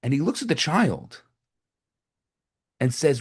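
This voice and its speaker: Preaching as a rabbi to a live group, a man tells stories loosely and conversationally, often starting over and repeating himself. His husky voice is fairly high, swings widely in pitch, and moves slowly.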